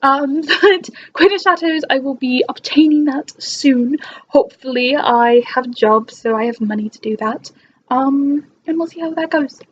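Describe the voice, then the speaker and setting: A woman's voice: sits high, normal speed, highs cut off, a little hiss or hum. A young woman chatting in a casual vlog, talking in an imitated British accent. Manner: chatty and enthusiastic, with frequent restarts. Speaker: book vlogger.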